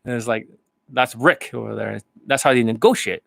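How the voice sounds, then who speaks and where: A man's voice: mid-range voice, normal speed, vocal fry, long pauses, no room sound. A man talking to his viewers as a dating coach in a rambling, blunt monologue, swearing casually.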